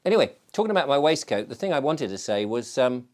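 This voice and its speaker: A man's voice: medium pitch, big pitch swings, fast, darkish tone. Rambling Englishman chatting over his pipe. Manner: rambling, self-mocking, digressive. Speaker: show host. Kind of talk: casual solo chat.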